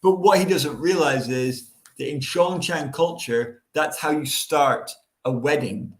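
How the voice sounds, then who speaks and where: A man's voice: a little high, measured pace, reverberant. A man co-hosting a podcast, explaining a book's details in a confident, casual way. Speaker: podcast co-host. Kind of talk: casual chat explaining a book.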